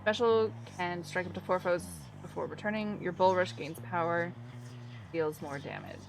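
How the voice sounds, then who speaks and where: A woman's voice: lowish voice, normal speed, gravelly, noisy background. A woman streaming a video game in casual chat, thinking aloud and reading out game text. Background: game music.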